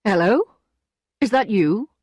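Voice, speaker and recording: A cool, calm gentleman, read by a woman telling a story, speaking softly and evenly. He stays close to the narrator's own voice, with a dry, close sound. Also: medium pitch, takes it slowly, husky, no room sound. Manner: calm, soft. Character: smooth male seducer, cool and calm.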